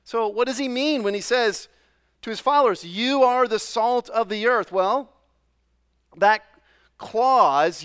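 Pastor guy from new england, high smooth voice, chatty sermon w lots of uhs and questions to the folks. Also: slow pace, a bit bright. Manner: conversational, many fillers and restarts, asks the congregation questions.

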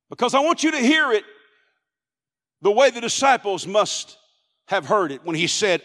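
A man pastor delivering a sermon, swinging from hushed softness to loud shouting in an emphatic, repetitive preaching cadence. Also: high voice, big pitch swings, unhurried, long reverb tail.

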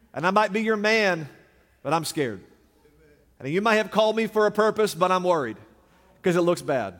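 High-voiced preaching man, reverberant hall. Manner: preaching with rising emphatic repetition. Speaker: pastor. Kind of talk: sermon.

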